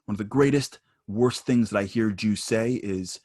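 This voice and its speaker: A man giving a spoken lesson at an online seminar, telling personal stories and growing higher and louder as he gets animated. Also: moderate pace, no room sound, studio quality. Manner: storytelling, rising higher and louder when animated.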